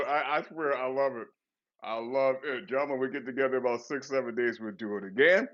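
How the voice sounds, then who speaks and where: A man's voice: mid-range voice, a little fast, highs cut off. A man hosting a podcast, signing off the show with lots of laughter. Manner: lively, laughing, warm-hearted sign-off. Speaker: podcast host. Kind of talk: casual podcast sign-off.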